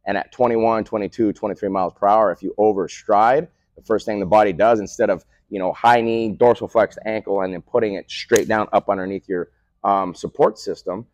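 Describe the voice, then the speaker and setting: Deep-voiced man explaining like a coach. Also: brisk. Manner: peppers points with "right?" tag questions; animated, coach-like storytelling. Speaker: guest, speed training facility co-owner. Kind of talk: casual explanatory interview talk. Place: remote call.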